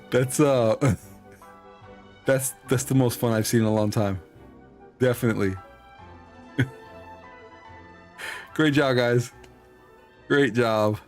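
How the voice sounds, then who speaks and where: A man's voice: medium pitch, darkish tone. Laid-back man with a Hispanic accent. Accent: Hispanic-accented English. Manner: laid-back, laughing, rambling. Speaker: streamer. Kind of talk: casual live-stream commentary.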